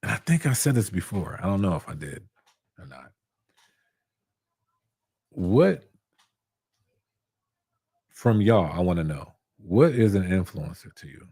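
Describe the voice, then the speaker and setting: A man's voice: low-pitched, sing-song, unhurried, pauses often, mellow, husky, no echo, clean studio sound. A young man who reviews barber tools, chatting casually on a live stream, reading viewer comments and answering in a laid-back, slangy way that repeats itself.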